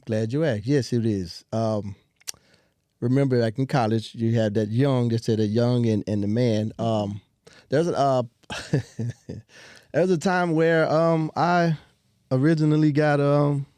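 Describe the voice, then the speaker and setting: A young man as an interview guest, telling his story earnestly with many pauses and restarts. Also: medium pitch, steady tone, warm tone, clear, resonant tone, no echo. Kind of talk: casual interview talk.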